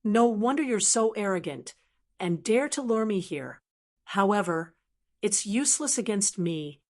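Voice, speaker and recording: A woman narrator voicing a calm, confident young male swordsman in a fantasy audiobook. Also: medium pitch, a little slow. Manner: calm and disdainful.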